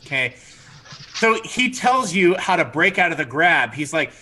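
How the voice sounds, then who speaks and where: A man running a tabletop game as game master, narrating lively and laughing, stopping to correct himself. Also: on the high side, moderate pace.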